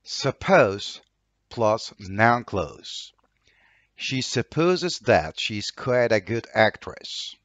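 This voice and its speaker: A man's voice: lowish voice, sing-song, very slow, fairly bright tone, no echo, muffled recording. A man with a Turkish accent teaching English vocabulary, saying each word twice and reading an example sentence. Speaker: language teacher.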